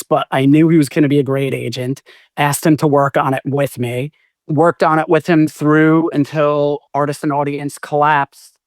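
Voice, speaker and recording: Man, forties, interview guest, rambling anecdotes, middle pitch, dry close recording. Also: darkish tone, no echo. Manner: rambling, self-correcting anecdotes. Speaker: music manager, podcast guest. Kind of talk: casual storytelling interview.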